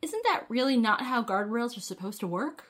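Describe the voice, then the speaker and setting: Higher-voiced woman co-hosting a podcast. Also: animated, fairly bright tone. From New England. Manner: quick, questioning, laughs. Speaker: podcast co-host. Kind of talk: casual podcast chat.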